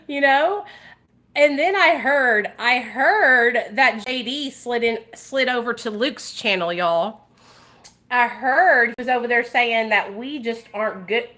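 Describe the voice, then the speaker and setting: A woman's voice: a little high, lively intonation, measured pace, sharp tone. A woman vlogger talking casually and animatedly to her viewers, swearing freely and addressing them directly. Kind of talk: casual livestream commentary.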